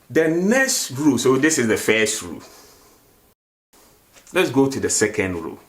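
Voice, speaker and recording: A man's voice: mid-range voice, sing-song, normal speed, pauses often. A man teaching a grammar lesson, who asks questions and answers them himself and repeats words for drill. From Ghana. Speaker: language teacher.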